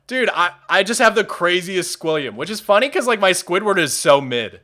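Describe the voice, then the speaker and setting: A man's voice: high voice, very animated, normal speed, hardly any pauses, pushed and bright. A young man chatting casually with his live-stream audience, rambling and often restarting his sentences. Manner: rambling, with frequent restarts and laughs.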